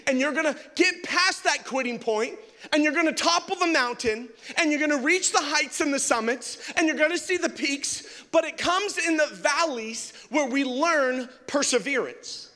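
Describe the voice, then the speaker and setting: A man's voice: very high voice, moderate pace, sharp tone. A man preaching a sermon as pastor, impassioned and calling out to the congregation for responses. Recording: long reverb of a large hall.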